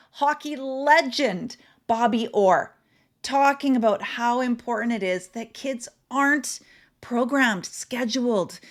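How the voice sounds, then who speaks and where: Middle-aged woman, parenting coach, slightly high voice, earnest and emphatic, casual talk to camera.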